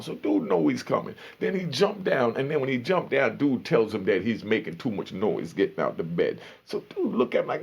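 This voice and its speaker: A man telling a story casually, slangy and animated, acting out the people in it. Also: medium pitch, brisk, vocal fry, hardly any pauses, slightly rough, highs cut off. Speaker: storyteller recounting prison life.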